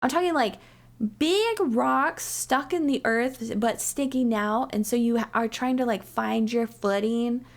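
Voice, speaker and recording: A chatty young-sounding woman with a fairly high voice tells a story on stream, and her pitch jumps up sharply whenever she acts out what friends said. She rambles through plenty of fillers and restarts. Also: a little slow. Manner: animated, rambling, lots of "like" and "you know". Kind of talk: casual storytelling chat.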